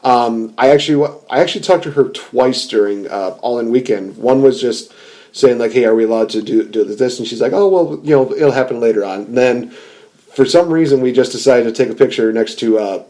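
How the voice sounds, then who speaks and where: A man's voice: mid-range voice, a little fast, mellow. A man hosting a podcast, chatting casually, rambling and laughing often. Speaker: podcast host. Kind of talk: casual chat.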